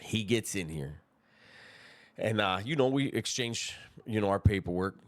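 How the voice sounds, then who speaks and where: A man telling a prison story in a relaxed, slangy, conversational way, chuckling at his own tale and dropping low and hushed on asides. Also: unhurried, dry recording. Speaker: storyteller recounting prison life. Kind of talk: casual spoken storytelling.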